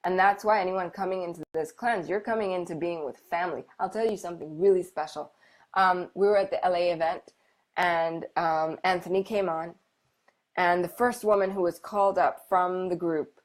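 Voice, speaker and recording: A woman hosting a casual live stream, chatting warmly and encouragingly with viewers with lots of fillers and restarts. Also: fairly low pitch. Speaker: medical intuitive hosting a live Q&A.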